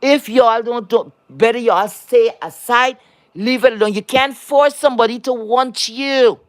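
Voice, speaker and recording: A woman's voice: on the high side, a little slow. A woman moderating a livestream chat, lecturing and scolding viewers in a blunt, profane rant.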